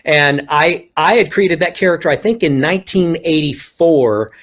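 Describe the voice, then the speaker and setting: A Texas-raised ventriloquist with no regional accent joins a casual storytelling interview by video call. His somewhat high voice keeps a moderate pace as he animatedly recounts stories and acts out the remarks people made.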